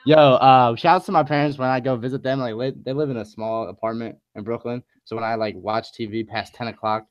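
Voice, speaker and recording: A young man co-hosting a podcast, telling animated stories in casual chat. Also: medium pitch, brisk, clear, resonant tone, dry recording, lo-fi sound. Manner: animated storyteller, acts out quotes. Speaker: podcast co-host.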